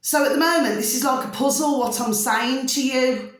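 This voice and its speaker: A woman's voice: high voice, normal speed. Chatty middle-aged lady vlogging, rambles on, says flipping a lot, really echoey room. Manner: rambling, homely, fond of mild slang like "flipping" and "blooming". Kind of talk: chatty spiritual vlog.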